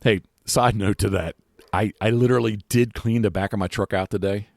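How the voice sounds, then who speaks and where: Male podcast host, deep and dry-miked, loose rambling chat full of restarts. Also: fairly even intonation, fairly quick, no room sound. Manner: rambling, many restarts and fillers. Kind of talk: casual chat. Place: outdoors.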